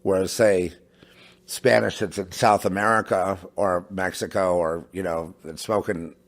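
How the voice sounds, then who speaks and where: A middle-aged man from a home studio, rambling in a casual monologue, halting with many restarts and asides. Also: deep voice, steady tone. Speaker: podcast host. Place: home in New Mexico.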